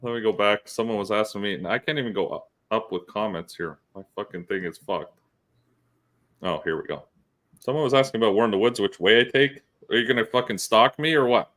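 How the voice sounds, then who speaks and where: A man's voice: fairly low pitch, fairly quick. A male podcast host, telling profane stories in casual chat. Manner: profane, animated storyteller.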